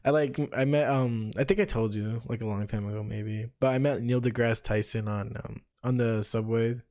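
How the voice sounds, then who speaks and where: A man's voice: medium pitch, fairly even intonation, normal speed, warm tone. A young man co-hosting a casual podcast, laughing often and trading loose, profane banter. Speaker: podcast co-host. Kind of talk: casual chat.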